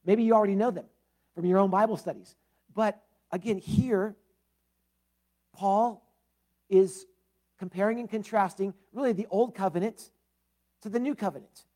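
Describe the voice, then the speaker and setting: A man's voice: sits high, normal speed, pauses often, dark tone. A man, the pastor, giving a conversational sermon with prayer and a scripture reading, talking with fillers and casual asides.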